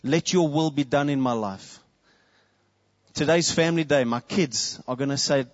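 A man preaching with an earnest voice that sits a little high for a man. The sound is dry and close, with a dull, lo-fi edge. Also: moderate pace, no echo. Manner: earnest preaching with quoted prayers. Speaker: pastor. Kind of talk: sermon.

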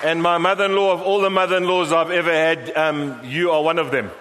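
A man's voice: a little high, fairly even intonation, a little fast. A man preaching a playful sermon in a church, teasing and coaxing members of the congregation to join in. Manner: teasing, jokey, coaxes people from the crowd. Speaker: pastor. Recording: long hall reverb, faint room noise.

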